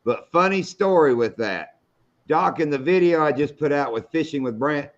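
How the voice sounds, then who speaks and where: A man's voice: on the high side, lively intonation, normal speed. Folksy storytelling man, lo-fi stream. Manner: folksy, storytelling, salty language. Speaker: fishing show host. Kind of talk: casual live-stream chat.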